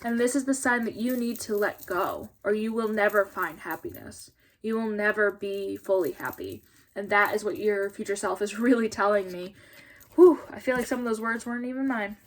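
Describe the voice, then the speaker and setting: A woman's voice: mid-range voice, normal speed. A young woman giving a casual tarot reading to camera, chatty and apologetic, laughing often and sounding tired. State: tired, yawning. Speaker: tarot reader.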